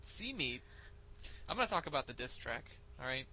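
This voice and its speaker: A man's voice: mid-range voice, very animated, moderate pace, pushed and bright, slight background noise, low-quality recording. A man co-hosting a casual podcast, laid-back and full of crude wisecracks. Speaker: podcast co-host.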